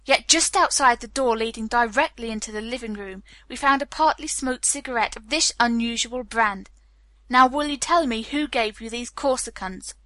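A woman's voice: fairly high pitch, moderate pace, pushed and bright, dry recording. A woman voicing an angry male police captain who presses hard with blunt, demanding questions. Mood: stern.

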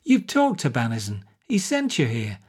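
A man's voice: mid-range voice, huge pitch swings, normal speed, a little mellow, breathy edge. A man reading aloud and voicing a drunk, boastful middle-aged male playwright with slurred speech. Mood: furious.

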